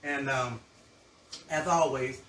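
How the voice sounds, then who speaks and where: A man hosting a live cooking show, chatting warmly to viewers and savoring his food aloud in a kitchen. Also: mid-range voice, fairly even intonation, slow pace, roomy sound, recorded from a distance, heavy background noise. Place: home kitchen.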